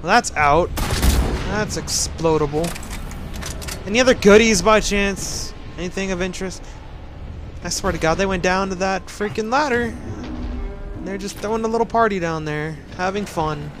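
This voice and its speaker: A man's voice: sits high, normal speed, long pauses, music in the background. A man giving casual game commentary, sarcastically ranting at a glitchy game. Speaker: gaming commentator.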